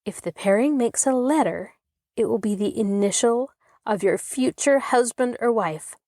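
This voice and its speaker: A woman voicing a bossy young girl who leads a party game, speaking in a commanding, brisk way. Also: on the high side, expressive, warm tone, no room sound, studio quality.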